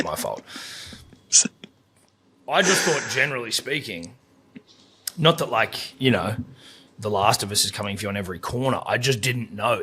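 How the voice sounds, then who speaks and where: Sweary laid-back man, bright husky voice. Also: fairly low pitch. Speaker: podcast co-host. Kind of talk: casual chat.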